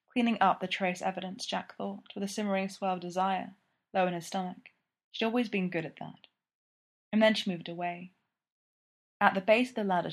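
A woman reading a story aloud with calm, even narration. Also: mid-range voice. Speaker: audiobook reader.

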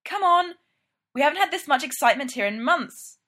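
A woman voicing an excitable, cheeky young male engineer with a playful, upbeat way of talking. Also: high-pitched, brisk, pitched above the performer's own voice.

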